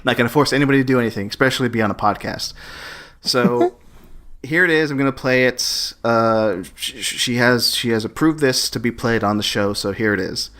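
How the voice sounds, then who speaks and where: A man co-hosting a podcast, chatting casually and haltingly with many restarts. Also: mid-range voice, fairly bright tone. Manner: halting, full of restarts and fillers. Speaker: podcast co-host.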